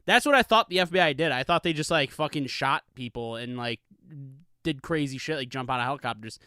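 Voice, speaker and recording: Profane, rambling man with a smooth voice. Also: medium pitch, brisk, sharp tone, dry recording, studio quality. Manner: rambling, profane, laid-back. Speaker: podcast host. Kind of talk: casual solo podcast chat. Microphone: studio microphone with pop filter.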